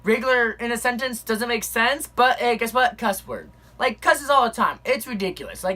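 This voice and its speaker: A woman's voice: a little high, expressive, normal speed, fairly bright tone. A young woman telling a personal story in a chatty, rambling way, full of fillers and little laughs. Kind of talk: casual spoken storytelling.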